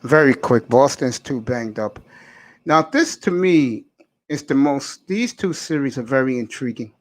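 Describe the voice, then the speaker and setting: A man's voice: mid-range voice, lively intonation, measured pace. A man hosting a casual sports talk show, giving emphatic, opinionated picks and speaking straight to the fans.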